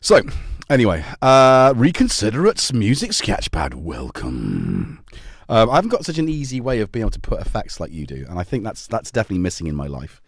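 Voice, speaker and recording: On his own live stream, a man chats in a loose, jokey way, forever rambling onto tangents and making asides to his cats. He talks briskly, and his pitch swoops up and down in huge swings. The sound is dry and close, with no room echo at all.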